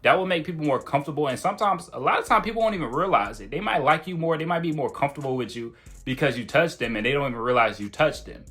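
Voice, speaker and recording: A man's voice: fairly high pitch, animated, fast talker, a bit bright. A man giving casual, blunt self-improvement advice straight to the camera, in a slangy, conversational way. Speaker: self-improvement video creator.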